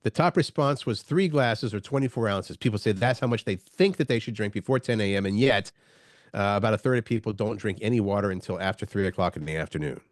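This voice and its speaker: A man's voice: lowish voice, no room sound, clean studio sound. A man co-hosting a morning show in casual chat, his nose stuffed up from a cold. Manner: easygoing, chatty, fast-talking. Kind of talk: casual radio-style chat.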